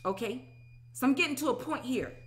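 A woman in her thirties giving an animated, emphatic personal testimony, often asking "okay?". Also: high voice, brisk. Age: 30s. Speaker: religious teacher.

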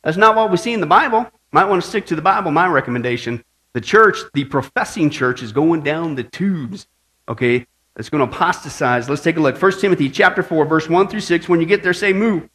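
Male pastor, playful storyteller preaching a sermon, high and bright. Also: lively intonation, a little fast. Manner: playful storyteller, asks the crowd "right?". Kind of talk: sermon with jokes.

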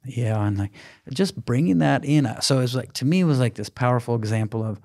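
A man co-hosting a parenting podcast, telling a family story in an animated way, acting out the quoted dialogue. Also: medium pitch, fairly quick, gravelly. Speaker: podcast co-host. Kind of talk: casual parenting chat.

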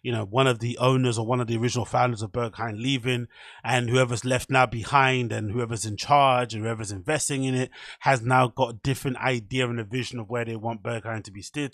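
A man's voice: medium pitch, a bit bright, no room sound, clean studio sound. A man hosting a casual solo podcast, chatty and self-mocking. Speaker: podcast host.

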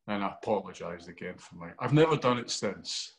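A Glaswegian actor telling an animated interview anecdote, acting out quotes and swearing freely. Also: male voice, low-pitched, brisk. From Scotland.

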